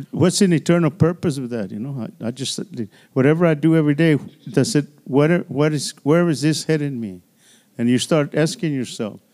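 With a warm, slightly high voice, this male pastor delivers a casual, conversational sermon. He leans heavily on "you know" and "hallelujah," frequently repeating himself and restarting words.

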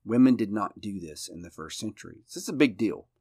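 Pastor for a Bible study talk: a man with a lower voice who explains things thoughtfully and steadily. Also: animated, fairly quick, dark tone, breathy edge, dry recording, clean studio sound. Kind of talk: conversational Bible study teaching.

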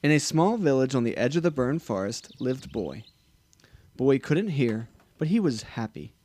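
A man reading a picture book aloud to a child, slow and expressive, adding sound effects. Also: medium pitch.

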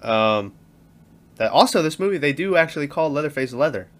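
A man's voice: fairly high pitch, animated, fairly quick, fairly bright tone. A man in casual movie chat who laughs often, acts out lines from the film and swears freely. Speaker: podcast co-host.

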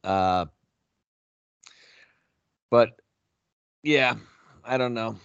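A man's voice: medium pitch, extremely slow, a bit bright, clean tone, no echo, highs cut off. A man co-hosting a podcast in casual chat, reflective and questioning himself. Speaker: podcast co-host.

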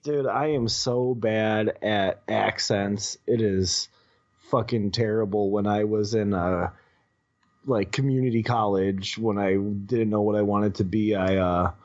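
A man's voice: on the low side, steady tone, unhurried, darkish tone, lo-fi sound. A young man, chatting casually as a podcast guest and telling a rambling story full of fillers. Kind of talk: casual chat.

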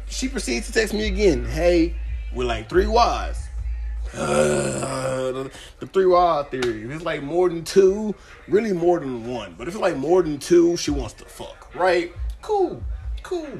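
A young man hosting a podcast, telling a story in a casual, profane way, jumping from loud outbursts to low muttering. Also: animated, a little slow, gravelly, faint music behind. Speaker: podcast host.

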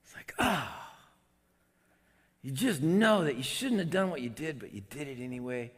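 Animated preacher in a reverberant hall. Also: male voice, mid-range voice, fairly quick. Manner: animated, swings between loud outbursts and quiet asides. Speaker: pastor. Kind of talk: sermon.

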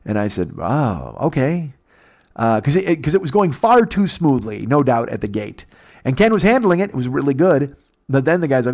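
A man's voice: medium pitch, fast talker. Profane American man telling a story. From United States. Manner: animated, profane, doing voices of people in the story. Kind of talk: casual storytelling.

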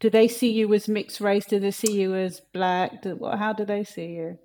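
A woman interviewing a guest, calm and probing, often agreeing as she listens. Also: medium pitch, moderate pace. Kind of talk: conversational interview.

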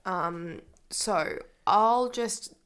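A young woman with an Australian accent co-hosting a casual sports podcast, confident and quick to laugh. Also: medium pitch, fairly bright tone, clean tone. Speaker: podcast co-host.

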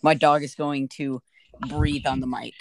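A young man co-hosting a podcast, playful and giggly and quick with jokes. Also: a little high, level tone, vocal fry, no room sound. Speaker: podcast co-host. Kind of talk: casual chat.

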